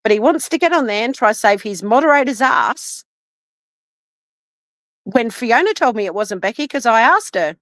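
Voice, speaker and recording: A woman's voice: fairly high pitch, animated, normal speed, long pauses, a bit bright, no room sound. A woman, furious and swearing nonstop in a livestream rant, shaking with anger. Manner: furious, swearing constantly, repeating demands. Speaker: live streamer.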